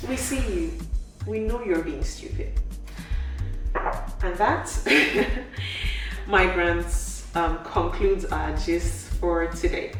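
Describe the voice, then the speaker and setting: A woman's voice: lowish voice, heavy reverb, recorded from a distance. A woman from Africa with an African accent, hosting a frank, emphatic and teasing monologue. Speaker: host. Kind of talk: casual monologue to camera.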